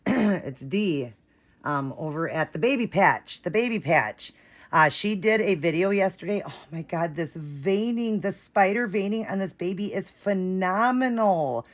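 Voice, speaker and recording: A woman vlogging an unboxing, gushing and breathless, shaky with excitement, repeating herself as she talks to viewers. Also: fairly low pitch, measured pace. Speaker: vlogger unboxing a reborn doll.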